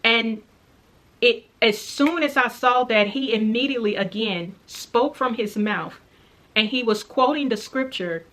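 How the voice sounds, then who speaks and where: A woman's voice: fairly high pitch, a bit bright. A woman earnestly telling the story of a dream in a casual, reflective way, repeating key parts. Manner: earnest, reflective, recounting slowly with repetitions. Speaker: faith vlogger sharing a dream.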